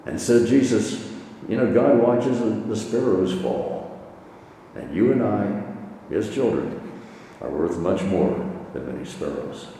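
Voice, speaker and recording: A man preaching a sermon as pastor, earnest and measured, building his points through repeated phrases. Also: fairly low pitch, very animated, gravelly, mellow, a little hiss or hum. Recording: echoey hall from far off.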